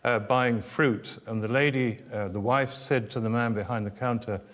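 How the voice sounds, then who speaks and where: A man's voice: mid-range voice, moderate pace. Older UK man, author, wry self-deprecating storyteller, reverberant church hall. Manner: wry, self-deprecating, building to animated exasperation. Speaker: author and guest speaker. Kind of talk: humorous storytelling talk. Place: church venue before an audience.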